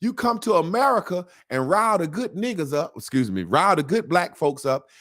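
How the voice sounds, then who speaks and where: Male guest, casual and emphatic, a somewhat high voice that swings widely. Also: brisk. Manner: animated and emphatic, with slang and repetition. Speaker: interview guest. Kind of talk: casual conversational interview.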